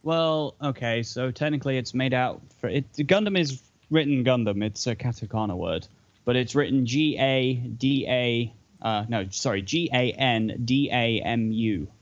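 A man co-hosting a casual podcast, who explains things in a halting way with many fillers. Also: medium pitch, highs cut off. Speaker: podcast co-host.

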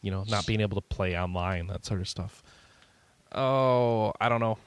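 A man's voice: lowish voice, normal speed, no room sound. A man hosting a gaming podcast, joking around and handing out topics to the others. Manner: joking, runs the questions. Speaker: podcast host. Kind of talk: casual podcast chat.

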